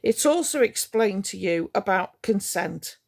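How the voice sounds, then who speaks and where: Cross, sarcastic woman with a gravelly voice. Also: medium pitch, lively intonation, unhurried, a little mellow. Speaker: livestream host. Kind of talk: ranting livestream talking to chat.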